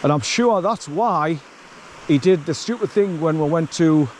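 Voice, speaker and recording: A man's voice: a little high, animated, a little slow, a little mellow, a little hiss or hum, poor audio. Weary man pushing through bracken. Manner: blunt, swears, talks to his dog between remarks. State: tired from wading through bracken. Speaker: vlogger. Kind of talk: walking commentary to camera. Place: outdoors on an overgrown rural path.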